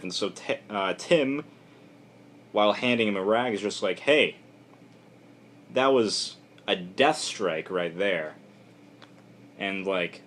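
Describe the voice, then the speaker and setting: Lowish-voiced dude rambling through a comic recap, super excitable, like, just, like. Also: male voice, slight background noise. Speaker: comic book reviewer. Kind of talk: casual review vlog.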